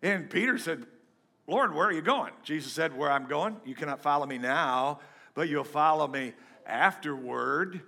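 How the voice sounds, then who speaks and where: Middle-aged preacher guy, high voice, animated sermon, jokes w the church crowd. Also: normal speed, gravelly. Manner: animated preaching, sings hymns and jokes with the congregation. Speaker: pastor. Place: church before a congregation.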